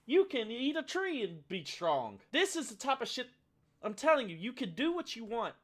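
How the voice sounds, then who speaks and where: A man giving a comedic video commentary in a high-pitched voice. His pitch leaps and swoops as he rants. The tone is sarcastic and profane throughout. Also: moderate pace. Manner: animated, sarcastic, profane ranting.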